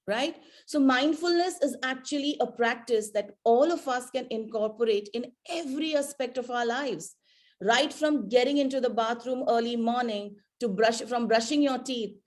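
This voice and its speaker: A woman giving a keynote talk to teenagers, conversational, often asking the audience questions and using fillers like "you know". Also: on the high side. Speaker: keynote speaker.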